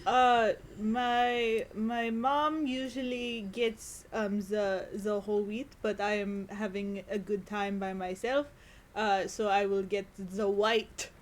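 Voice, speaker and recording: Slow hesitant woman player. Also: medium pitch, fairly even intonation. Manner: hesitant, halting. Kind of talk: tabletop role-play.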